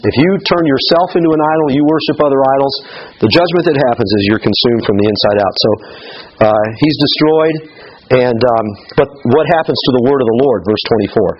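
A man's voice: mid-range voice, brisk, highs cut off, a little hiss or hum. A man preaching a sermon as pastor, telling a scripture story with humor and acting out the people in it.

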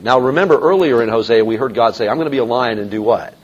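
A man's voice: mid-range voice, quick pace. A man teaching a Bible lecture in a conversational way, with many fillers and restarts. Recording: dull lo-fi recording.

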